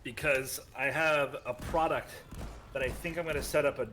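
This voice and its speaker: American man, mid-pitched voice, sweary, sarcastic gamer banter. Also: steady tone, moderate pace, bright, forceful tone, a little hiss or hum. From United States. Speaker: co-streamer. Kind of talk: casual gaming chat.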